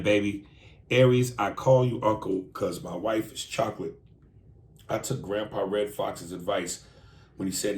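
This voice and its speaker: A man co-hosting a podcast, reading a listener email aloud in a blunt, profane, animated way. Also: fairly low pitch. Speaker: podcast co-host.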